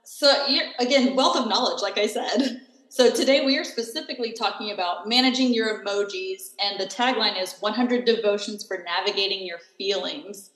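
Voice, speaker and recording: A woman's voice: mid-range voice, normal speed, fairly bright tone. A woman hosting a podcast interview, asking friendly, encouraging questions. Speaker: podcast host. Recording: echoey room with long reverb.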